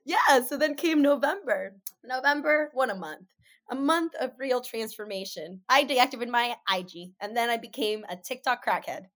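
A woman's voice: on the high side, moderate pace, fairly bright tone. A woman in her mid twenties co-hosting a podcast, chatting casually with slang, swearing and frequent laughter. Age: mid 20s. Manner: giggly, slangy, profane. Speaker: podcast co-host. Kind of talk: casual chat.

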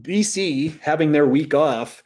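A man's voice: fairly high pitch, unhurried, darkish tone. A man co-hosting a casual sports chat, agreeable and rambling, with frequent fillers. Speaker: co-host.

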